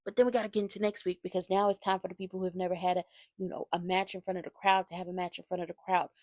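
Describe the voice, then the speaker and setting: A woman recapping a reality show for her channel, animated and fired up, talking straight to her viewers. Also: fairly low pitch, very fast, no echo, studio quality. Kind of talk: casual recap commentary.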